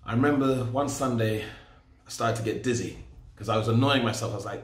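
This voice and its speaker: A man in his forties shares his personal testimony in a storytelling, self-deprecating manner. His medium-pitched voice runs a little fast, and the recording has a roomy echo.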